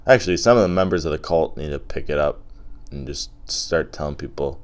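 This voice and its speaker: A young man hosts his own podcast, delivering a casual comedic rant full of swearing, rambling jokes and loose asides. His voice rumbles low and moves briskly, profane and joking throughout.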